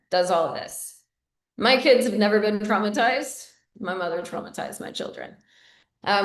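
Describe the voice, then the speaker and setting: A woman vlogger telling a personal story in a candid, direct way, addressing her viewers with many fillers. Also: mid-range voice. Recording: roomy echo.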